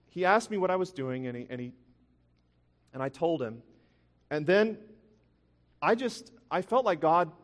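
Earnest man preaching in a reverberant hall. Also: fairly high pitch. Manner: earnest, animated storytelling with frequent restarts. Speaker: pastor. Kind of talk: sermon storytelling.

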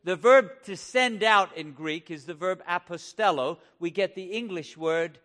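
Preaching a sermon with fervor, a man whose voice is notably high and a bit bright peppers his listeners with rhetorical questions. He stresses key words heavily, slowing as he hits them.

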